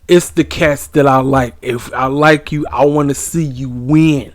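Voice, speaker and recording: A man's voice: mid-range voice, fairly even intonation, unhurried, no room sound. A man hosting his own wrestling review channel, ranting in a blunt, emphatic, casual way.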